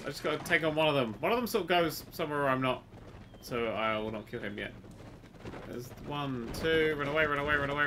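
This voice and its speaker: A man giving sweary, excitable commentary while playing a video game, often jumping to shouts. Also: medium pitch. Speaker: let's play host. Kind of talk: gameplay commentary. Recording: game noise behind the voice. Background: gunfire and game sounds.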